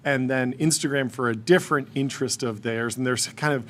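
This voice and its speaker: A man co-hosting a podcast who asks long questions and jumps in with quick agreement. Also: mid-range voice, steady tone, slight background noise. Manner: eager, lots of quick agreement. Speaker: podcast co-host. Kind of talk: casual podcast interview.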